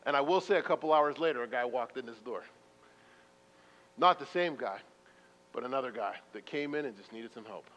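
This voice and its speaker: A man preaching a sermon in a church, telling stories in a conversational, self-deprecating way with sudden loud bursts. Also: mid-range voice, animated, brisk, long pauses. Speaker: pastor. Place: church sanctuary. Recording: muffled reverberant hall recording.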